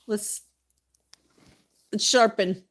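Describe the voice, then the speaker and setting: A woman's voice: medium pitch, fairly even intonation, very slow. A middle-aged woman chatting casually while she paints live, talking to her painting and thanking viewers. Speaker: artist livestreaming.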